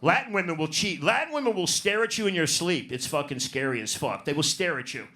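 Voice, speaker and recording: Brash comic guy on a club stage, high voice that swoops all over, swearing nonstop. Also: expressive, fairly quick, pushed and bright. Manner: profane, brash, riffs on audience. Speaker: stand-up comedian. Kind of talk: stand-up set, crowd work.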